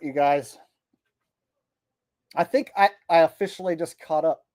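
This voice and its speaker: A man's voice: fairly high pitch, measured pace, darkish tone, no echo. Blunt, profane male streamer. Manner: blunt and profane, exasperated rants; reads viewer messages aloud in mock voices. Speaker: livestream host reading viewer super chats. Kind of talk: casual livestream chat.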